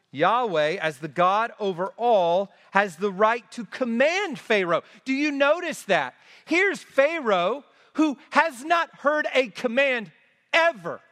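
A high-pitched man delivers a slow, deliberate sermon in a church sanctuary. He leans on repeated phrases for emphasis, and his voice rings with the long reverb of a large hall. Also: pushed and bright. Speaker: preacher.

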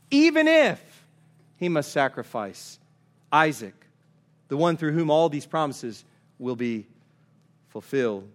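Guy with a high voice preaching, keeps pushing rhetorical questions, really emphatic. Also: fairly bright tone. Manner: emphatic, urging, asks repeated rhetorical questions. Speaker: pastor. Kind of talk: sermon.

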